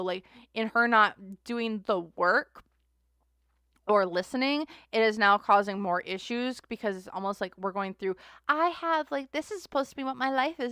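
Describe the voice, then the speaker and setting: A woman's voice: medium pitch, a bit bright, smooth, dry recording, clean studio sound. A woman hosting a casual tarot reading chat, talking in a rambling, chatty way. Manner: chatty, rambling, voices others in mocking asides. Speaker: tarot reader host.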